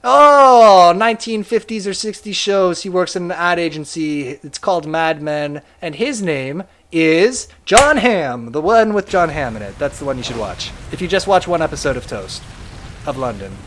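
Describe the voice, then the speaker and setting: A young man streaming a video game, chatting casually and reading viewer messages aloud in an animated way. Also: fairly high pitch, moderate pace, a little hiss or hum. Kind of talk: casual live-stream chat.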